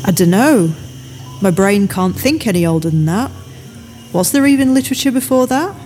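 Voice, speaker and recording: A woman's voice: medium pitch, animated, moderate pace, darkish tone, faint music behind, lightly acted. A woman reading an audiobook, voicing an unsure, mumbling young woman.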